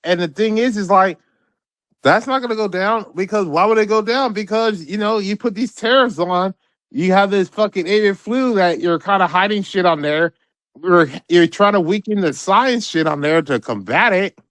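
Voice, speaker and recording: High-voiced profane male podcast co-host. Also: moderate pace, a bit bright, no echo. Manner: rambling, profane, repeats words. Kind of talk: casual political commentary.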